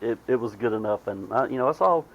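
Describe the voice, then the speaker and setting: A man with a Southern US accent, hosting a podcast in casual chat, talking in a drawn-out, halting way with fillers. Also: lowish voice, animated. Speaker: podcast host. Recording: slightly dull lo-fi sound.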